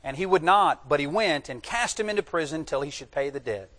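A man delivers a sermon in a church sanctuary, his slightly high voice trailing off in the long reverb of a large hall. He reads old-fashioned scripture aloud, then breaks off to press home key words in an emphatic teaching manner. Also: lively intonation, fairly quick, fairly bright tone. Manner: emphatic, teaching, tells listeners to underline words. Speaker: preacher.

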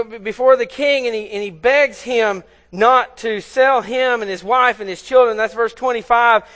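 A man's voice: high-pitched, bright, forceful tone, long reverb tail. A man preaching a sermon in a conversational way, often asking his listeners rhetorical questions.

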